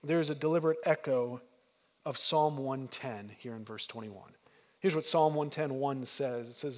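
A man's voice: medium pitch, normal speed, big-room sound. A man preaching a sermon as pastor, telling a story with emphasis and frequent restarts.

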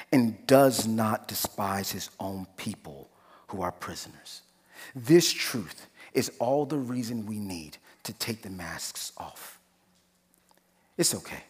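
A man preaching a sermon as pastor, moving between hushed, slow pleading and loud, rising exhortation. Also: fairly low pitch, expressive, breathy edge. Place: church sanctuary. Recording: long church reverb.

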